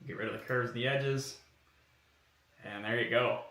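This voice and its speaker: A man casually talking through his car body kit designs on a live stream, relaxed and rambling, thinking out loud with plenty of fillers. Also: mid-range voice, normal speed, recorded from a distance. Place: home workshop room. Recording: roomy, from away from the mic.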